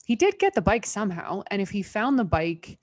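A woman co-hosting a podcast, chatting casually, asking questions and making quick asides. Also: medium pitch, big pitch swings, a little mellow, no room sound, clean studio sound. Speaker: podcast co-host. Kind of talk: casual chat.

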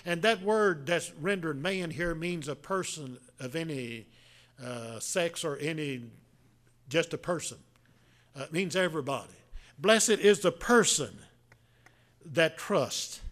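Man, 70s, pastor, folksy halting sermon, fairly high voice. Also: fairly bright tone. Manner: folksy, halting, with many restarts and fillers.

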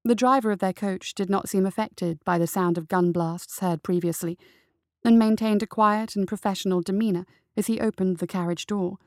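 A woman reading a dark adventure story aloud as its narrator, with a steady, even storytelling delivery. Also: mid-range voice, normal speed, no room sound, studio quality.

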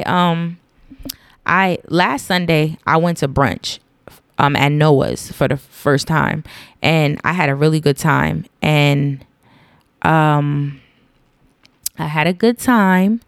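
In a clean, dry studio-quality recording, a low-voiced woman in her thirties hosts a solo podcast from home. She rambles earnestly and casually until she becomes tearful.

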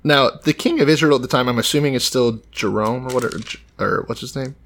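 A man's voice: mid-range voice, quick pace, gravelly, a bit bright. A man in casual podcast banter about the Bible, teasing his co-host with blunt, profane wisecracks.

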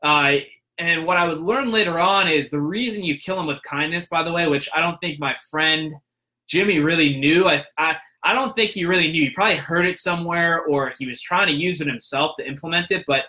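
A man's voice: a little high, fairly quick, bright, forceful tone. A young man telling a story in a casual monologue, rambling with fillers and restarts and acting out the people he quotes.

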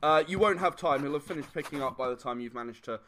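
A man's voice: on the high side, quick pace, a bit bright, a little hiss or hum. A man running a tabletop game as game master, narrating in a rambling style with frequent fillers and chuckles.

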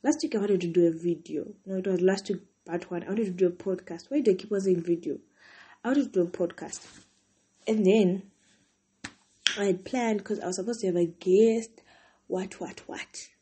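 Young woman, solo podcast host, tired, very breathy and husky, rambling chatty delivery. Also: mid-range voice, moderate pace, warm tone. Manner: chatty, rambling, heavy use of "like". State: tired, yawning. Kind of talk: casual solo venting podcast.

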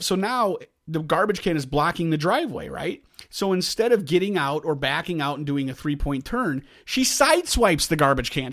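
A middle-aged man co-hosting a casual podcast, with a voice that sits a little high. He tells his story in an exasperated, animated way and acts out the yelling. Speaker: podcast co-host.

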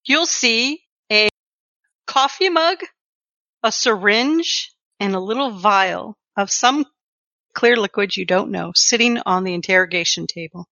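A woman's voice: medium pitch, a little slow, pushed and bright, dry recording, muffled recording. A woman narrating a tabletop horror game as game master, describing scenes step by step.

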